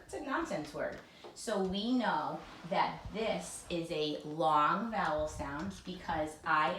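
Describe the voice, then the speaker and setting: A woman teacher giving a phonics lesson to children, spelling words out letter by letter and leading drills slowly and clearly. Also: sits low, fairly bright tone, far from the mic. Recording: echoey room with faint noise.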